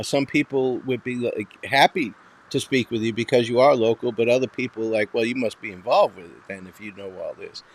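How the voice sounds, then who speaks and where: A man with a Boston accent hosting a casual online talk show, speaking bluntly with lots of swearing and rambling asides. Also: medium pitch. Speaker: host.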